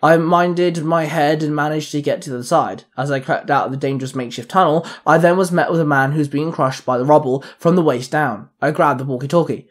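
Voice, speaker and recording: A man's voice: fairly high pitch, brisk, few pauses. A man narrating a first-person fan fiction story aloud in a plain storytelling manner.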